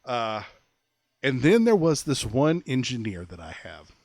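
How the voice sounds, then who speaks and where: Animated man telling a story. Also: mid-range voice, measured pace, no echo. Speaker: podcast co-host. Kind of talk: casual storytelling chat.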